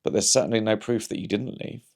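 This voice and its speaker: This comedian and vlog host speaks fast in a lowish, creaky, darkish voice. Addressing the camera in a loose, rambling monologue, he's wry and anecdotal, reasoning through hypotheticals with many restarts.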